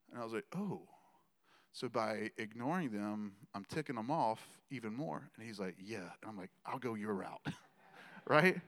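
A man preaching a conversational sermon, joking with the congregation between loud declarations and quiet asides. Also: a little high, in a large hall. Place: church gathering.

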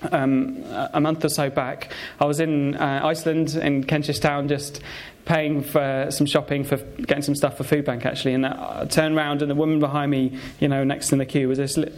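Halting man giving a sermon. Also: a little high, little pitch movement. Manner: conversational, halting, many fillers and restarts. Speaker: preacher. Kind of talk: sermon with personal stories.

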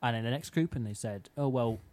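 A man's voice: medium pitch, expressive, fast talker, a little mellow. A young man on a podcast, telling rambling anecdotes with self-mocking asides. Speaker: podcast co-host. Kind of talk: casual chat, storytelling.

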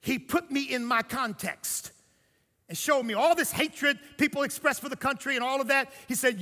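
An older man preaching a sermon, telling his story and swinging between hushed lines and shouts. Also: extremely high pitch, fairly quick, long reverb tail.

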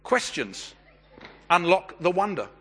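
A middle-aged Australian man preaching a sermon and telling a story, with measured, deliberate pauses. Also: high-pitched, big pitch swings, bright, forceful tone, husky. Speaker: pastor. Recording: long hall reverb.

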